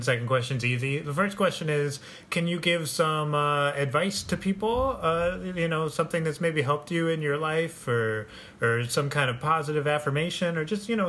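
A host interviewing a guest in a relaxed, encouraging way, wrapping up with simple closing questions. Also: mid-range voice, fairly quick, hardly any pauses. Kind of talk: casual interview chat.

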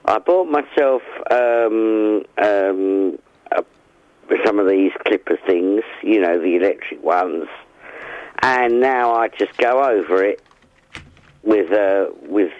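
A man's voice: on the low side, takes it slowly, no echo, dull audio. A man calling in to a radio show, easygoing and stubbornly contented. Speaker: caller. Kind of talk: radio phone-in call. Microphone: phone line.

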